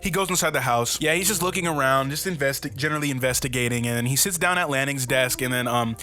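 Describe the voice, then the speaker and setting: Bright-voiced young guy recapping a movie. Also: mid-range voice, fast talker, soft background music. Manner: loose and profane, with lots of fillers and chuckles. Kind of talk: casual movie recap commentary.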